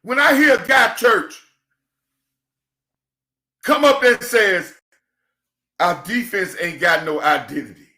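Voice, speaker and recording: A man in a passionate, preachy football rant, swinging between shouting and quiet emotion, calling his listeners "church". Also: high voice, takes it slowly, pauses often. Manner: preachy, emphatic, calls audience "church". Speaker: football commentator. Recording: echoey room.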